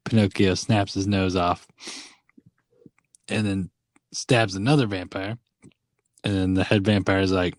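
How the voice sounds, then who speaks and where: A man's voice: on the low side, fairly even intonation, darkish tone, no echo. A man co-hosting a podcast, casually recapping a film scene by scene and laughing along. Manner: laughing, recaps scenes with quick quoted voices. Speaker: podcast co-host.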